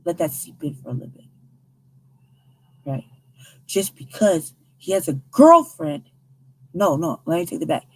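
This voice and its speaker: An American woman hosting a news commentary show, talking in a heated, emphatic, profane way with a husky voice. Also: lowish voice, big pitch swings, a little slow, pauses often, a little hiss or hum. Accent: American English. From United States.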